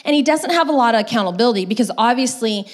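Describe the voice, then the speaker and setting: A woman's voice: on the high side, very fast. A casual, chatty woman pastor preaching. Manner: casual storytelling with many fillers; lively retelling with acted quotes. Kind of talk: sermon.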